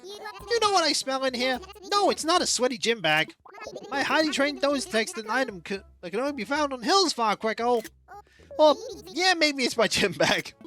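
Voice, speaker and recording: A streamer puts on a cocky gym-loving duck from a cozy life game, brash and joking. The voice is raised and lively and swings up and down. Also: high-pitched, normal speed, soft background music, pitched above the performer's own voice, exaggerated voice. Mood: boastful. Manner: jokey and brash. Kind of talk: voicing game dialogue on stream.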